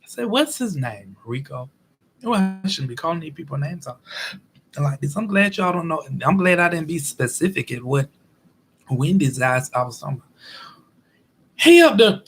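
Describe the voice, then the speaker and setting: A man telling a story in a chatty, animated way as a vlog host. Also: fairly high pitch, brisk. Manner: animated, chatty, acts out quotes. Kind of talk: casual storytelling monologue.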